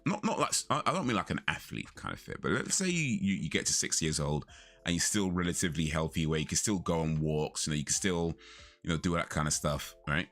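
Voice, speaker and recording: A man's voice: rumbling low, fairly bright tone. A young man casually chatting with viewers on a live stream, rambling, correcting himself and laughing often. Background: faint lo-fi music.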